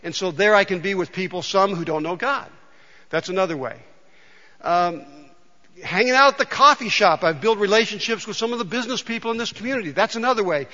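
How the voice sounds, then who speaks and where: A male pastor preaching a sermon in a conversational, storytelling way, often dropping soft and quiet. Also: sits high, expressive, brisk. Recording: dull sound with long hall reverb.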